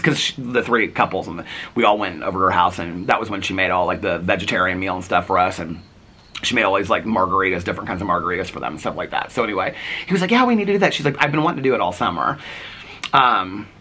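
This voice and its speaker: A man's voice: sits low, pushed and bright, husky. A man vlogging casually to camera, telling a long story full of fillers and quoted dialogue.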